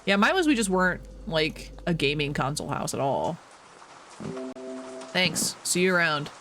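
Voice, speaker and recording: Lively high-voiced young male streamer. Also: normal speed, music in the background. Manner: animated, chatty, self-mocking. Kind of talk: casual gameplay chat.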